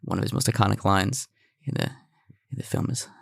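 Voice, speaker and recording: Jokey podcast co-host, man, gravelly low voice, dry close sound. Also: fairly even intonation, no room sound. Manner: jokey, quick with film references. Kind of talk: casual chat.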